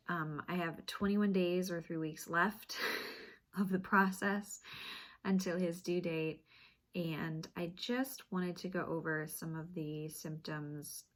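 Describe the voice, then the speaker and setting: A woman's voice: lowish voice, fairly bright tone. A woman author chatting casually to camera for her vlog, laughing lightly between phrases. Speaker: author and vlogger.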